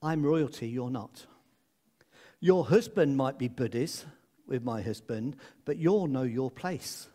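A man's voice: mid-range voice, expressive, slow pace, mellow, pitched below the performer's own voice. A man voicing a prim, haughty older queen consort who keeps a commoner at a formal distance. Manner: prim, formal, putting someone in her place.

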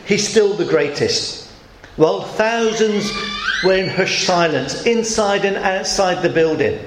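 A man preaching a sermon in a conversational way, asking his congregation questions and acting out quoted voices. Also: high voice. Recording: echoey hall with faint noise.

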